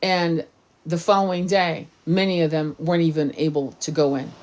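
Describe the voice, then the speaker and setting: A woman's voice: sits low, level tone, moderate pace, a little mellow. A woman talking in a casual, blunt monologue, with plenty of swearing and emphatic asides. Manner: blunt, profane, emphatic storytelling. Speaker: tarot reader.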